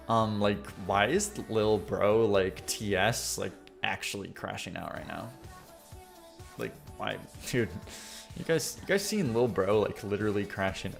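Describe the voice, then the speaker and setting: A man's voice: on the low side, vocal fry. A man hosting a music-review livestream, talking casually in a rambling, slangy way and swearing freely.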